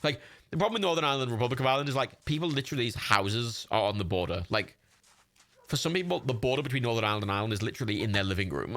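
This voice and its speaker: A man's voice: mid-range voice, lively intonation, very fast, fairly bright tone, dry recording. A young man livestreaming, rambling casually with lots of fillers, restarts and laughs while playing a game.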